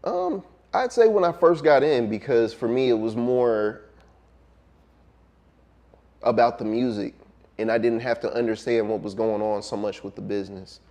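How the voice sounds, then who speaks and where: A relaxed man talks as a guest on an interview show. His voice sits in a middle register, and he speaks reflectively, pausing often with ums and letting his thoughts trail off. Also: medium pitch. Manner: laid-back, reflective, many ums and trailing pauses. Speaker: music producer guest. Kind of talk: casual interview conversation.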